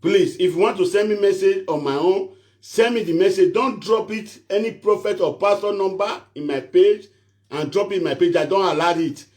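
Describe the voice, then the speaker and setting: A man with a high-pitched voice and a strong Nigerian Pidgin accent delivers a preachy, repetitive rant straight to his followers. He hammers the same phrases over and over and then turns to pleading. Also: moderate pace, darkish tone. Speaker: social media prophet and show host. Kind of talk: animated rant to camera.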